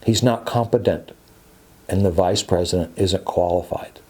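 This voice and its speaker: Male attorney host, warm mellow tone, insistent and repetitive, stumbles often. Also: low voice, moderate pace, slightly rough. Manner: emphatic, repetitive, stumbles and restarts. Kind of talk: opinionated podcast monologue.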